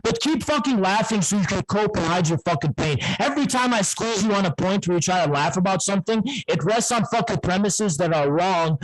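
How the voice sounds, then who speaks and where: A man's voice: high voice, poor audio. A man in a heated online debate, aggressive and profane, taunting his opponent over and over. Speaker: debater on a live stream.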